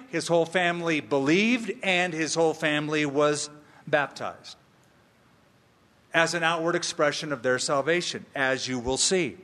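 Man preaching, kinda high voice, takes his time, bit of playful aside here and there, echoey church. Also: a bit bright. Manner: slow, emphatic, with playful asides. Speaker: pastor. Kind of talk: expository sermon.

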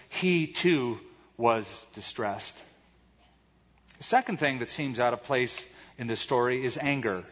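Male pastor, husky, slow and deliberate, dramatic sermon style, muffled hall sound. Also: fairly high pitch, a bit bright. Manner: dramatic, rhetorical questions, acts out quoted voices.

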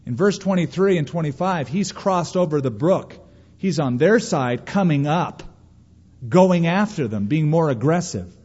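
A man preaching a sermon as pastor, emphatic and animated, acting out quoted lines. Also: a little slow, slightly rough. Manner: emphatic preaching, voices quotes with raised pitch. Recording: dull sound in a long-reverb hall.

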